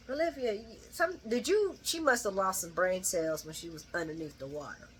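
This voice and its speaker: A woman's voice: mid-range voice, a little fast, fairly bright tone, a little hiss or hum. A middle-aged woman giving a casual, chatty soap opera recap to her viewers, acting out the characters' lines and laughing often.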